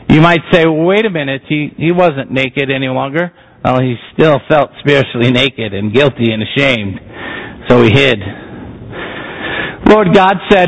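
A man's voice: on the high side, moderate pace. A man preaching a sermon, emphatic and posing rhetorical questions to the congregation. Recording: muffled lo-fi sound.

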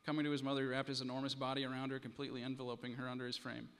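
Male pastor, mid-pitched voice, dramatic storyteller, long echo in the church hall. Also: monotone, rapid-fire, fairly bright tone, clear, resonant tone. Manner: dramatic storytelling, then earnest preaching. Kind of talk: sermon.

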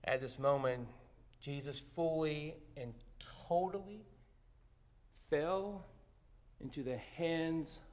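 A male pastor delivering a sermon, telling a story with rising intensity and then slowing into quiet, deliberate reflection. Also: a little high. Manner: dramatic storytelling that swells loud, then drops to a hushed, slow close.

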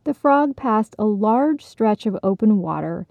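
A woman reading a children's story aloud, calm and measured, at a slow, gentle pace. The recording is dry and a little dull, with no room sound. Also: medium pitch, creaky, no room sound. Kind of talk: storybook narration.

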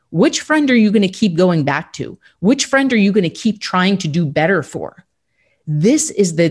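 A woman's voice: lowish voice, a little mellow, breathy edge. A woman hosting a motivational podcast, talking in an upbeat, emphatic coaching tone. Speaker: podcast host.

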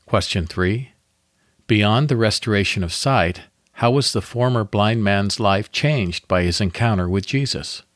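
A man hosting a devotional podcast, reading a guided Bible meditation in a calm, measured way with pauses. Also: fairly low pitch, no room sound, studio quality.

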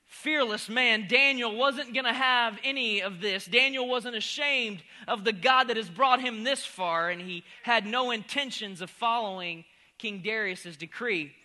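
A pastor preaching a humorous sermon, swinging from loud exclamations to near-whispers. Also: male voice, very high voice, a little slow.

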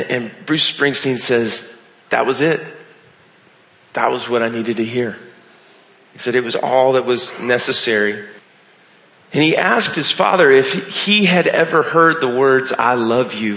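Earnest male pastor, sermon delivery, bright tone, roomy echoing church. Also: medium pitch. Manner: earnest, builds to emphatic rising phrases. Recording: echoey hall with long reverb.

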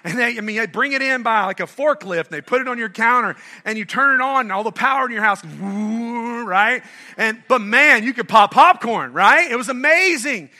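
A middle-aged man from North Carolina preaching a sermon as pastor, animated and conversational, asking the congregation questions and joking with them. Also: extremely high pitch, moderate pace.

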